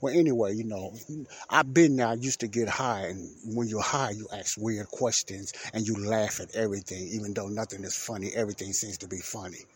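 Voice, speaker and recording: A man's voice: steady tone, brisk, husky. A middle-aged man hosting a podcast, telling a personal story in a rambling, repetitive way and acting out the quoted dialogue. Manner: rambling, repeats phrases, acts out quoted dialogue with raised pitch. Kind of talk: casual storytelling monologue.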